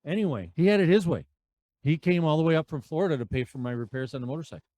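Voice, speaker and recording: A man in his fifties telling road stories as a podcast guest, animated and acting out the dialogue. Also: on the high side, racing, no room sound. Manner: animated storyteller who acts out dialogue. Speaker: podcast guest, veterans' charity rider. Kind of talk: conversational storytelling.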